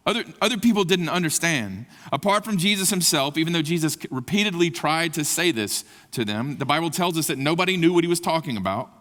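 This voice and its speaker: A man's voice: a little high, expressive, quick pace, few pauses, fairly bright tone. A man preaching a sermon at a conference, speaking with passion that climbs to emphatic peaks. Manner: impassioned, rising to emphatic peaks. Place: large conference hall. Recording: long hall reverb.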